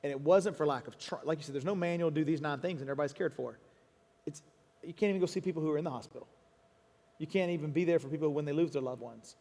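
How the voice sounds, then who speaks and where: A man speaking as a pastor to a congregation in a church auditorium. He is earnest, with quick restarts and quoted asides. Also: on the high side, warm tone. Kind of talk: stage conversation to a congregation. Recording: long hall reverb.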